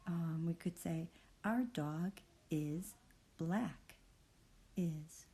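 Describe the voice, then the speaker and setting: Female reading teacher, lower voice, very unhurried, patient and encouraging, soft-spoken. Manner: patient, encouraging, sounds out words slowly. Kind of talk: phonics reading lesson.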